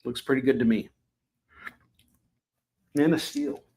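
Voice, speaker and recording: A man hosting a live shopping stream, selling comics in a casual, chatty pitch, with sarcastic jokes and lots of fillers. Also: fairly even intonation, a little slow, a little mellow.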